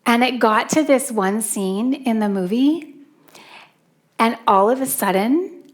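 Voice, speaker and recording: A middle-aged woman from Canada delivers a sermon from the church stage, holding a handheld microphone. Her voice sits a little higher than most, and she tells a personal story with animated expression, acting out gasps and cries as she goes. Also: slow. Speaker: pastor.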